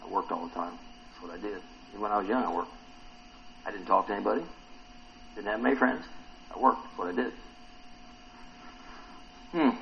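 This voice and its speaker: A man's voice: fairly low pitch, fairly quick, vocal fry, pauses often, highs cut off, slight background noise. A man preaching a sermon to a congregation, asking them questions and acting out the quotes he reads. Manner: animated, asks the congregation questions, acts out quotes.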